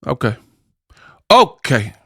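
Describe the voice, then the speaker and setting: A man's voice: medium pitch, very animated, takes it slowly, gravelly, sharp tone, a little hiss or hum. A man hosting boxing commentary, reacting to clips in a casual, mocking, slangy way.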